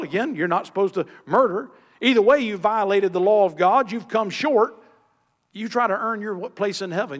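A male pastor preaching a sermon, swinging from emphatic raised peaks to quiet, low drops. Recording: long hall reverb.

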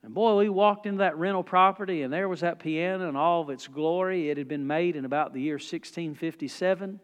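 Folksy preacher man, high voice. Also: a little fast, clean tone, big-room sound. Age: 40s. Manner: folksy, swings from hushed to loud. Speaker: pastor. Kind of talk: sermon with storytelling.

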